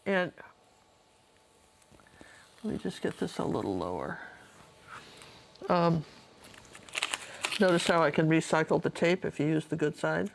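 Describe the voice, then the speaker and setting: This is a middle-aged woman with a fairly low voice who paints while she tells stories. She talks in a casual, digressive way, speaking straight to the viewer like a friend. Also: animated, unhurried, long pauses. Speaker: painter and storyteller.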